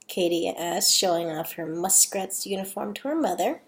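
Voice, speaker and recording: A woman's voice: fairly low pitch, expressive, moderate pace. A woman, slightly sick, reading a fan story aloud in a casual, chatty way with self-deprecating asides.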